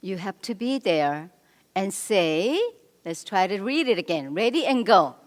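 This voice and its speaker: A middle-aged woman giving a church marriage seminar, animated as she coaches the men in the audience directly. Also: medium pitch, a little slow. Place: church hall. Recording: long reverb of a church hall.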